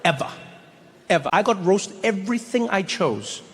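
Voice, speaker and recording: A man doing animated stand-up storytelling on a theater stage into a handheld mic. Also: sits high, moderate pace, long reverb tail. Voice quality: animated, with frequent restarts. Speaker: stand-up comedian.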